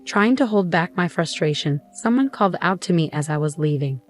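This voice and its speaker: A woman narrating a first-person story in an even, plain storytelling delivery. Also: fairly low pitch, brisk, soft background music.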